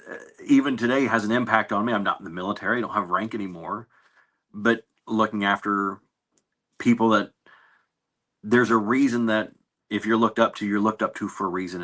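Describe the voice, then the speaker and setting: Bright-voiced navy veteran man, low-pitched. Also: brisk. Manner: relaxed, anecdotal, with frequent fillers and restarts. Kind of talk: casual interview storytelling.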